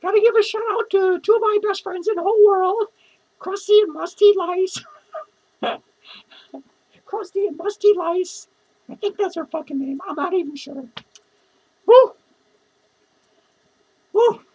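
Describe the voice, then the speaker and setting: A woman's voice: extremely high pitch, a little mellow, rough recording. A woman playing a drunk, lonely, foul-mouthed female clown who rambles and swears in a rambling character vlog. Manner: rambling, profane, giggly.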